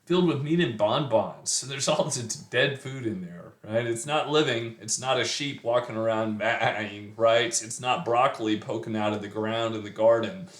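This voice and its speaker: A man's voice: fairly low pitch, fairly even intonation, normal speed, few pauses, a bit bright, roomy sound. A middle-aged man talking through a poem's meter and rhyme in a loose, thinking-aloud way, full of fillers and restarts. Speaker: poetry teacher. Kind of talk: casual poetry analysis.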